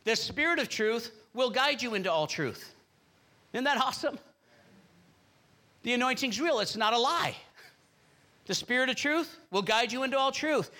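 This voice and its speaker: A man's voice: very high-pitched, bright, forceful tone. A man preaching a fervent sermon as pastor, repeating phrases and urging the congregation on.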